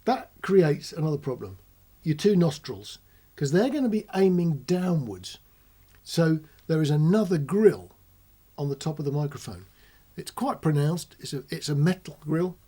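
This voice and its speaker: Man, dark, husky voice, chatty technical explainer, close mic. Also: fairly high pitch, very animated, moderate pace. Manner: chatty, demonstrates whispering and shouting into the mic. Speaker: host demonstrating audio gear. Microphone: close ribbon commentary mic.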